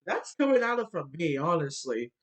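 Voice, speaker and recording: A man ranting bluntly into the camera, swearing often and filling pauses with fillers, his nose stuffy from a cold. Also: on the high side, sing-song, a bit bright. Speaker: vlogger. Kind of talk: ranting monologue.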